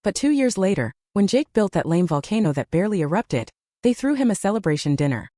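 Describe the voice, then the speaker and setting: A woman's voice: mid-range voice, big pitch swings, fast talker, dark tone, no room sound, studio quality. Woman voicing an indignant protective aunt.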